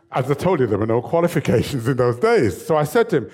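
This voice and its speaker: A man in his seventies, a fitness trainer telling stories as an interview guest in a lively, animated way. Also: mid-range voice. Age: 70s. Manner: lively, animated storyteller who laughs often. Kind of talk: storytelling in an interview.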